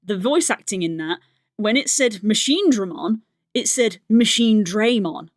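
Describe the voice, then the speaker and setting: A woman's voice: medium pitch, lively intonation, unhurried, no room sound, studio quality. A woman streamer chatting in a rambling way while she draws, often laughing. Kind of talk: casual chat while drawing on stream.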